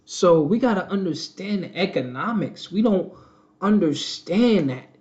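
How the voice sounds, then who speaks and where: Male host, higher-pitched, preachy and repetitive; dull lo-fi audio. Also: lively intonation, measured pace, a little mellow. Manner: preachy, repetitive, addresses viewers as family. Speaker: channel host. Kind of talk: casual live-stream commentary.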